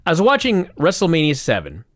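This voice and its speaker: Animated sarcastic man telling stories. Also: on the high side, brisk, dry recording, studio quality. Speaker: podcast co-host. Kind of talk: casual wrestling recap chat.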